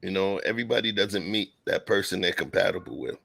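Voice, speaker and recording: A man co-hosts a relaxed talk show, his voice rough and gravelly. He talks in an emphatic, slangy way, close to a dry microphone with no room sound. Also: low voice, fast, dry recording. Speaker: podcast co-host. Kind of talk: casual commentary chat.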